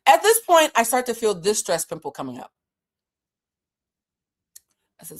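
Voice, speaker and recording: A woman vlogger telling a story in a casual, animated, blunt way, with frequent swearing. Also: on the high side, unhurried, pauses often.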